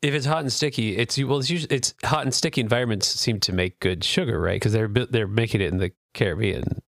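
A man's voice: fairly low pitch, fast talker, creaky, dry recording, studio quality. A man co-hosting a casual podcast, goofy and crude, always cracking jokes. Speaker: podcast co-host.

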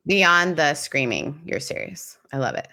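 Low-voiced woman, measured and reflective. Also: animated, gravelly, sharp tone. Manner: measured and reflective, gives advice in steps. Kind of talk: casual chat.

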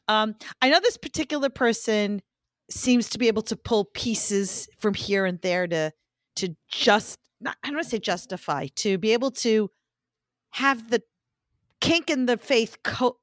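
A woman's voice: fairly high pitch, unhurried, dry recording. Woman podcast co-host, dry jokes, recorded close with no room sound. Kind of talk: casual chat.

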